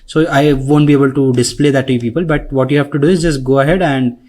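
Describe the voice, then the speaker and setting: A man leading a screen-share software tutorial, talking conversationally and tagging his sentences with "right?" and "okay?". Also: mid-range voice, fairly even intonation, quick pace. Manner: conversational, frequent "right?" tags and fillers. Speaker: instructor. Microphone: recording mic.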